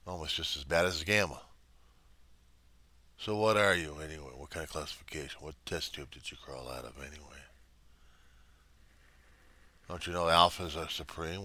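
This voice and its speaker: A man's voice: sits low, bright, forceful tone, no room sound, full character voice. A man voicing an arrogant male bully who sneers and bellows threats at a listener.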